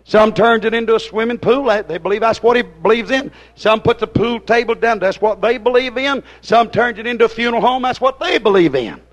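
Male preacher, high-pitched, fiery sermon delivery, swings between hollering and hushed pleading. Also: brisk, hardly any pauses, muffled recording. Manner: hollers at the congregation, then drops to a hushed plea; folksy dialect grammar.

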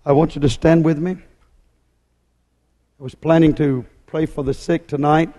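A man delivers a fiery sermon in a high, ringing voice. He drives each point home with emphatic repetition. His words ring out with a long reverb through a church hall. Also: steady tone, normal speed, mellow. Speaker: preacher.

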